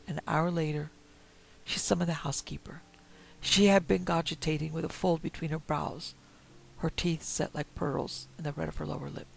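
A man reading a Victorian-style story aloud in a measured, quiet manner. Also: a little high, level tone, vocal fry, slight background noise, rough recording. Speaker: narrator.

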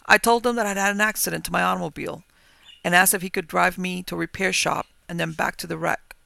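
A man narrating a ghost story in a measured, old-fashioned storytelling manner. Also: high voice, expressive, vocal fry, bright, forceful tone, no room sound.

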